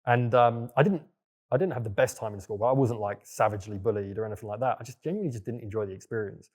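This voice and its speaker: A man's voice: on the low side, quick pace, a little mellow. A young man telling his story in a casual, loose way, with plenty of fillers and the odd swear word. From England. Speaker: guest entrepreneur. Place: villa in Bali.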